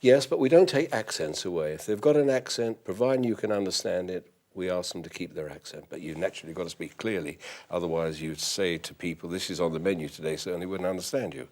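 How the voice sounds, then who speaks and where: An older man from London's East End with a softened London accent, a toastmaster who runs a butler school, answering interview questions in a polite, precise and formal way. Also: low voice, fast, few pauses.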